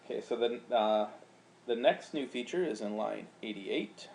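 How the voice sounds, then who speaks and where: A man's voice: medium pitch, lively intonation, a little slow, creaky, darkish tone, slight background noise. A man teaching, explaining grammar patiently and chanting out rhythms syllable by syllable. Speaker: Latin teacher. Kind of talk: recorded lecture.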